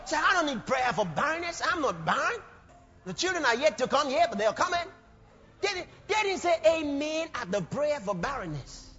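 High-voiced preacher in an echoing hall. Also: male voice, big pitch swings, normal speed. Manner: impassioned, shouts out lines and acts out voices. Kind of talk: sermon. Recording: lo-fi recording with long hall reverb.

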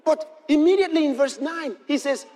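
A man preaching a sermon, telling a personal story and reading scripture, building to impassioned shouts. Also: very high-pitched, expressive, fairly quick, very noisy.

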